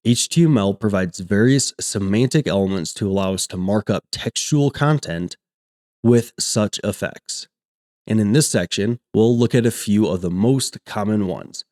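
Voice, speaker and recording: A man explaining a coding topic step by step, reading example sentences aloud in a steady teaching manner. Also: on the low side. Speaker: coding tutor. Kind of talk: screen-recorded coding lesson.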